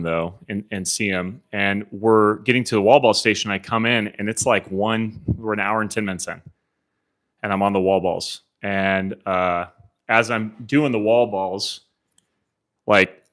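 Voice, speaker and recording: A man coaching a room of agents live, telling an animated story of his own race, acting out his inner thoughts and swearing casually. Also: lowish voice. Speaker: CEO coaching real estate agents. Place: meeting room with a live audience.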